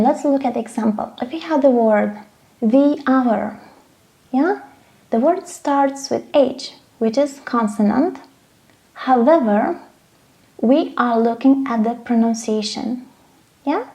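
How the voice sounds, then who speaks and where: A woman teaches a grammar lesson. Her voice sits a little high but sounds soft and mellow. She explains step by step and keeps checking that the students follow. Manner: patient, checks in with frequent "okay?" and "right?". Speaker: English teacher.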